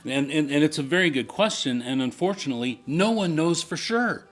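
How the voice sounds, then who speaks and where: A man's voice: fairly high pitch, animated, fairly quick, soft background music. A man co-hosting a casual question-and-answer chat, agreeable and thoughtful as he weighs in. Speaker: co-host.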